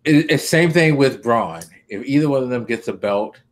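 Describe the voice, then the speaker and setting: A man's voice: medium pitch, moderate pace. A man co-hosting a podcast, chatting casually about wrestling, swearing freely and laughing often. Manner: laughing, profane, animated impressions. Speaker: podcast co-host.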